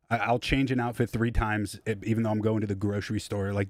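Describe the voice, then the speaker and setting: A man's voice: fairly low pitch, little pitch movement, fast, hardly any pauses, dry recording. A young man streaming live from his home studio as a music producer, chatting casually in a rambling, profane, self-deprecating way.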